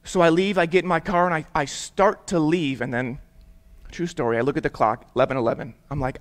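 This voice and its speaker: Young male youth pastor with a high voice, chatty and interactive, leads call-and-response. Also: fairly quick. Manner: lively, prompts the audience to repeat words; conversational storytelling with casual fillers. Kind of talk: interactive sermon for young people.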